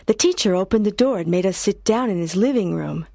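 A woman narrating a story in the first person in a clear, expressive storytelling manner. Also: medium pitch, fairly quick, no room sound, studio quality. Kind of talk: audiobook narration.

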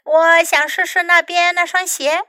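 A woman's voice: very high voice, level tone, unhurried, sharp tone, dry recording, clean studio sound, voice pushed up, full character voice. A woman voicing a cheerful little boy playing shoe shop in a bilingual storybook reading. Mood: polite.

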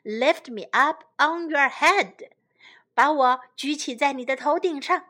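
A woman voicing a brave, clever young elephant prince in a children's storybook, speaking in a bright, reassuring way. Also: high-pitched, a little slow. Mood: eager.

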